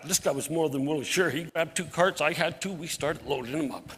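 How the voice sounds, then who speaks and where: A middle-aged man telling a lively, folksy story to a church congregation, acting out the voices of the people in it. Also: fairly high pitch, a little fast, slightly rough. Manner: animated storyteller who acts out voices, folksy and plain-spoken. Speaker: outreach ministry leader, guest speaker. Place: church sanctuary. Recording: hall reverb from a church sanctuary.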